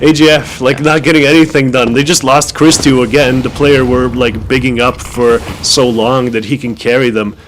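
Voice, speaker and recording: Dude casting a shooter game, wry, rambly, says like a lot, faint noise in back. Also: male voice, medium pitch, level tone, normal speed, few pauses. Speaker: esports caster. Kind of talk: play-by-play commentary.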